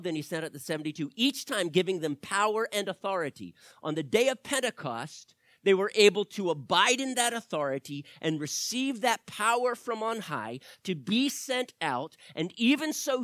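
A male pastor preaching a teaching sermon, swinging from loud emphasis to quiet asides and asking the audience questions. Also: sits high, no echo, clean studio sound. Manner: asks the audience direct questions.

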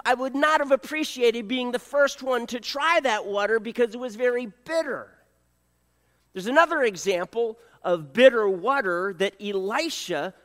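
Animated high-voiced man preaching, echoing hall. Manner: animated, acts out voices, jokes with the congregation. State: coughing now and then. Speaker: pastor. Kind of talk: sermon.

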